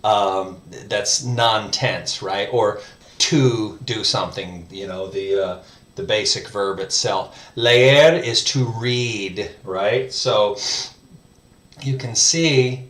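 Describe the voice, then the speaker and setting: Guy slowly working through a spanish lesson out loud, lots of ums and right?, echoey room. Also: fairly low pitch. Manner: slow, thinking aloud with many fillers and "right?". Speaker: language learner teaching viewers. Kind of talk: casual screen-share lesson.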